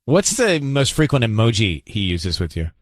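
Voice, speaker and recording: A man's voice: on the low side, sing-song, dry recording. A man hosting a morning radio show, chatting and joking with co-hosts and callers. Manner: joking, teasing, quick laughs. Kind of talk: casual morning radio banter.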